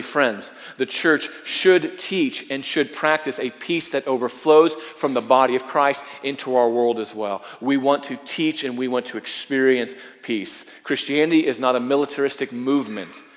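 A man's voice: medium pitch, big-room sound. A man preaching a sermon as a pastor, earnest and emphatic, often repeating his phrases.

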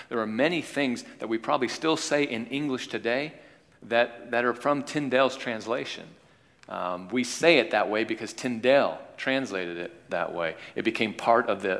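Halting lower-voiced man lecturing in a reverberant hall. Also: vocal fry, fairly bright tone. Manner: halting, repeats words and restarts often. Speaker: Bible teacher. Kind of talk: informal classroom lecture.

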